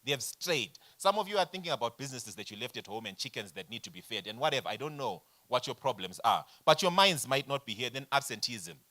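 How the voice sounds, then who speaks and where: A man in his forties teaches a business workshop with a bright, forceful voice, keeping it lively with constant questions to the room. His pitch sits in an ordinary middle range. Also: fast, few pauses. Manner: animated, addresses audience directly with rhetorical questions. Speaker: workshop facilitator. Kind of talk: lecturing a workshop.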